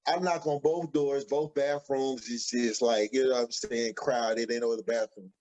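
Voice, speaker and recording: A man, co-hosting a podcast and telling an animated story, acting out the quotes excitedly. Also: medium pitch, moderate pace. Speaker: podcast co-host. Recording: dull lo-fi audio.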